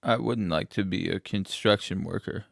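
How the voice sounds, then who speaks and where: A man from Indianapolis, a playwright being interviewed, who tells absurd stories in a deadpan, matter-of-fact way. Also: low voice, moderate pace, creaky, no room sound, clean studio sound. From Indianapolis, USA. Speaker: playwright guest.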